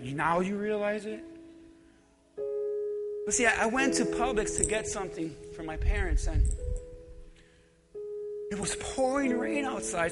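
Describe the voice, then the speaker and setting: High-voiced man preaching with fervor. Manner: impassioned, swings from soft asides to shouted exhortation. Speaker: pastor. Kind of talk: fiery sermon. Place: church sanctuary. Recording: long church reverb with music behind. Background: music playing.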